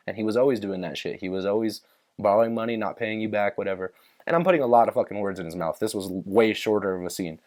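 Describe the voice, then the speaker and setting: A young man with a lowish voice hosts a podcast in loose, casual chat. He rambles, swears freely and restarts his sentences as he talks things through. He also retells scenes from movies in his own words. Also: quick pace, a little mellow. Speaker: podcast host.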